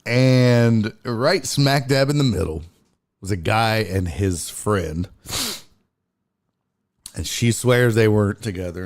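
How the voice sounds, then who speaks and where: A man hosting a show and telling a road story in a casual, animated, profane way, often restarting his sentences. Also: fairly low pitch. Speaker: host and stand-up comedian.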